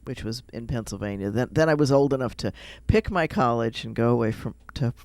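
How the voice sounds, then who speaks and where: A man's voice: mid-range voice, animated, brisk, vocal fry, darkish tone, dry recording. A man with a Midwestern American accent, chatting casually on a radio show and rambling through personal stories. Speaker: rabbi, radio guest.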